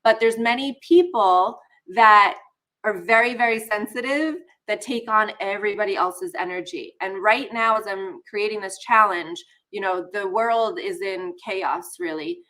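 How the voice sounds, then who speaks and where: Woman, live-stream coach, casual and chatty, addresses the viewers, slightly under the weather, clear bright tone. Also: mid-range voice, measured pace. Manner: chatty, talks straight to viewers, greets chat. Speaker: spiritual coach hosting a live session.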